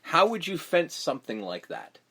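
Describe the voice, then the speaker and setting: A man's voice: on the high side, moderate pace, husky. A man co-hosting a podcast, chatting casually about a film, swearing freely and acting out its lines. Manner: animated, profane, acts out movie lines. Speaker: podcast co-host. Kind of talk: casual movie-review chat.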